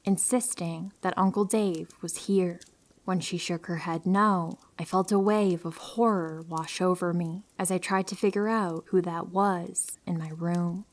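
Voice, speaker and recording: Soft-spoken woman reading scary stories. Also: fairly low pitch. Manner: calm, soft-spoken, dipping into whispers for tense moments. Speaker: narrator reading listener horror stories. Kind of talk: scripted narration of horror stories.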